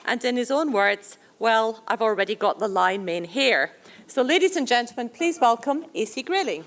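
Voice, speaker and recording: A woman's voice: fairly high pitch, lively intonation, normal speed, a little hiss or hum. A woman hosting an event, introducing the guest speaker in a chatty way. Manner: chatty, with fillers and restarts.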